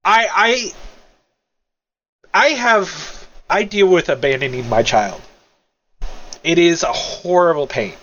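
A tipsy man crying as he speaks on a podcast, halting and emotional, stammering as he starts over. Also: fairly high pitch, animated, a bit bright, dull audio. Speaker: podcast guest. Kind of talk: casual podcast chat.

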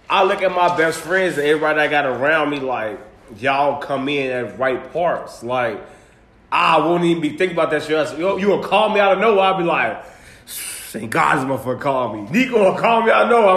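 Male podcast co-host, high lively voice, reflective storyteller, roomy echo. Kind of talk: casual podcast chat.

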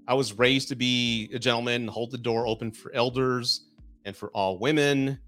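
A man's voice: mid-range voice, fairly even intonation, moderate pace, a bit bright, faint music behind. A man with a Southern Texan accent hosting a live-streamed talk show, chatting loosely, swearing casually and reading viewer comments aloud. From South Texas, USA. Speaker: divorce podcast host.

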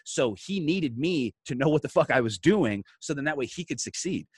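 A young man telling a story in a casual podcast chat, animated, swearing often and restarting his sentences. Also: medium pitch, normal speed, slightly rough, no echo.

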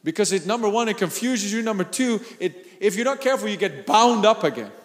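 A pastor preaching a sermon, animated, laughing and shouting for emphasis. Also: male voice, high voice, a little fast, in a large hall.

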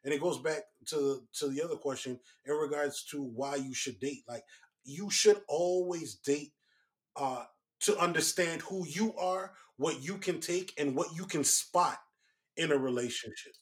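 A man's voice: fairly high pitch, measured pace. A man co-hosting a casual talk, giving earnest, lecturing relationship advice. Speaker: co-host. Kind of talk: casual chat.

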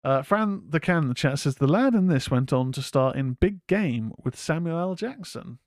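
A man's voice: fairly high pitch, expressive, normal speed, darkish tone, no room sound, studio quality. Rambling English man reviewing films. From England. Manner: rambling, swears casually, reads chat comments aloud. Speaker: horror podcast host. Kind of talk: casual film review chat.

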